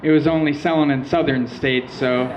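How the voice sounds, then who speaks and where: A young man doing stand-up in a small live venue, his voice sitting a little high for a man. He tells his stories deadpan, slipping into quoted asides. The recording is muffled and lo-fi, with a faint hum of room noise behind him. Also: normal speed. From Michigan. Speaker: stand-up comedian. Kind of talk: stand-up set.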